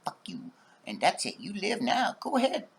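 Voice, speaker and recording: A middle-aged man in a rambling, profane vlog monologue, dropping to whispers and bursting into shouts. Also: high-pitched, huge pitch swings, normal speed, vocal fry, a little hiss or hum. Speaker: vlogger.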